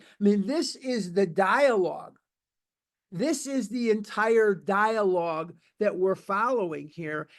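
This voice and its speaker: An older man in his seventies, with a notably high-pitched voice, tells his own recovery story at a meeting. He talks bluntly and with emphasis, circling back to repeat key phrases. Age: 70s. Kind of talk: personal testimony at a recovery meeting.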